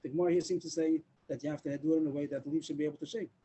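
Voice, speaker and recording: A man's voice: a little high, fairly even intonation, rapid-fire, dark tone, slight background noise, poor audio. A man teaching a daily Talmud class over a video call, explaining step by step and mixing in Hebrew and Aramaic terms.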